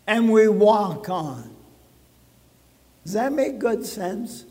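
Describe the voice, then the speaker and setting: A male pastor delivers a sermon with a high, light voice, taking his time over every phrase. His words ring out with a long reverb through the church hall. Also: lively intonation, warm tone. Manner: slow, deliberate preaching with dramatic pauses. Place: church sanctuary.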